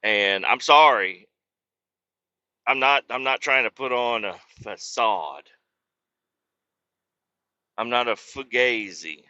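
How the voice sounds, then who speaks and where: A man's voice: medium pitch, slow, long pauses, no echo, lo-fi sound. A man in his thirties hosting a podcast, talking casually and swearing often while he rambles from his car. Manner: animated, rambling, swears often, laughs a lot. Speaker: podcast host. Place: driving in a car on a bumpy road.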